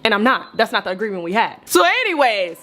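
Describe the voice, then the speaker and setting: A woman's voice: mid-range voice, quick pace. Candid young woman telling a story. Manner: candid, animated, swears freely. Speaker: vlogger telling a personal story. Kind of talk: casual storytelling to viewers.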